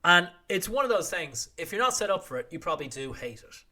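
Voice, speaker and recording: Wry, lively male podcast host. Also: sits high, fairly quick. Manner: wry, irreverent, swears freely, acts out quotes. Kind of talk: casual news roundup monologue.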